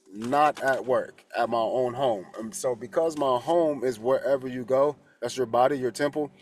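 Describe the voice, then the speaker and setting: A man's voice: mid-range voice, a little mellow. A man, a holistic coach and tarot reader, talking casually and candidly, rambling, swearing freely and restarting his sentences. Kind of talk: casual spoken reflection.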